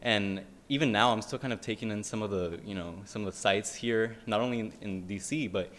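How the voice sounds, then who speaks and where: Casual low-voiced young man from California. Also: a little fast. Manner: casual, filler-heavy, growing excited. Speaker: student speaker. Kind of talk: informal conference speech. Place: museum conference hall.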